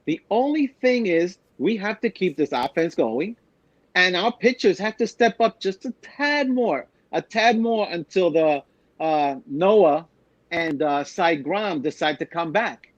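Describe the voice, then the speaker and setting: Male New sports podcaster, fairly high voice, repeats points, dull dry sound. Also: a little slow, dry recording. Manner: animated, repeats himself, teasing. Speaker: podcast co-host. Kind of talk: casual sports talk.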